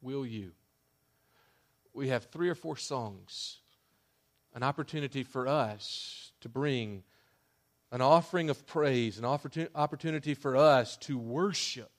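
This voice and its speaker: A man preaching a sermon as a pastor, emphatic, with loud declarations that drop to hushed asides. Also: medium pitch, measured pace.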